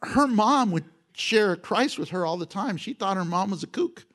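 A middle-aged man preaching a sermon as pastor, animated, acting out quotes and laughing between points. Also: high-pitched, moderate pace.

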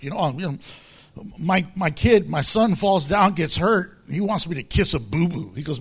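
Male pastor, middle-aged, lively sermon delivery, higher-pitched voice, acts out quotes. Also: moderate pace, slightly rough. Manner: animated preaching with acted-out quotes and laughter.

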